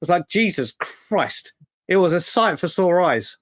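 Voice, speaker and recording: High-voiced man, dry close sound. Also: animated, unhurried, no room sound. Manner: rambling, repeats words while recalling details. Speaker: co-host of a fan livestream. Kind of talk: casual chat.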